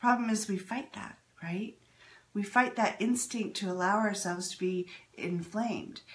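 A woman giving a casual, candid talk on spirituality, animated and quick to laugh at herself. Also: mid-range voice. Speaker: spiritual speaker.

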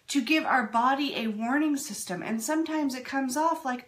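A woman giving a casual, candid talk on spirituality, animated and quick to laugh at herself. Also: sits high. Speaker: spiritual speaker.

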